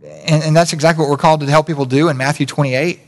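A man's voice: a little high, steady tone, fast talker. A man preaching a conversational sermon, full of rhetorical questions and self-corrections. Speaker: pastor. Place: church sanctuary. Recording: long reverb of a church hall.

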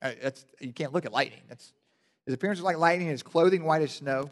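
A male pastor preaching a sermon, telling the story animatedly and building to loud, passionate emphasis. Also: fairly high pitch, fast. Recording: long hall reverb.

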